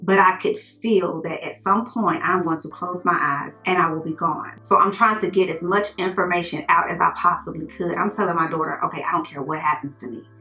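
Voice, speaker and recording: A woman telling a personal story in a casual storytime monologue, earnest and animated as she retells what was said. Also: fairly low pitch, moderate pace, hardly any pauses, reverberant, soft background music, poor audio.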